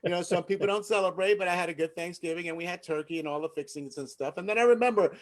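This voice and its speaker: A man's voice: sits high, fast. A man hosting an open mic comedy show over a video call, doing a chatty stand-up bit, laughing and asking the crowd "right?".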